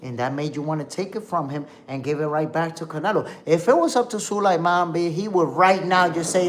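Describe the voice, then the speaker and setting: A man's voice: on the high side, a little fast, few pauses, slight background noise. A young man hosting a boxing livestream, ranting heatedly and cursing, calling his viewers "my peoples". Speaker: boxing show host. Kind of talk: casual livestream commentary.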